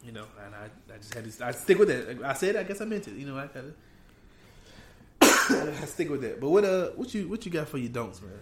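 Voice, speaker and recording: A man's voice: mid-range voice, sing-song, a little fast, very noisy. A man in casual chat as a podcast co-host, emphatic and repeating his points for stress.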